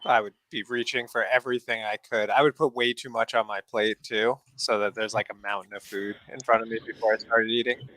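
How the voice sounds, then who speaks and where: A man's voice: fairly low pitch, steady tone, fairly quick, hardly any pauses, bright, forceful tone, no room sound, rough recording. A man playing a tabletop game, playfully describing what his character does. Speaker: player. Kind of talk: casual tabletop play.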